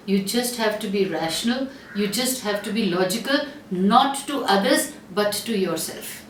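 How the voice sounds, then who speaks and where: A woman's voice: mid-range voice, distant mic. Woman astrologer, chatty and earnest, lots of um and uh, roomy echo, faint hum behind. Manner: earnest, chatty, many fillers and restarts. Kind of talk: casual talk to camera.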